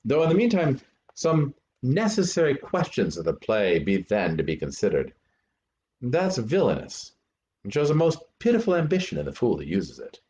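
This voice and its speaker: A man's voice: mid-range voice, pitched above the performer's own voice. Hamlet, an earnest young prince, read by a man. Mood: instructing. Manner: animated, deliberate verse delivery. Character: young male prince, earnest, lecturing actors. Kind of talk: amateur dramatic reading. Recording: dull lo-fi recording.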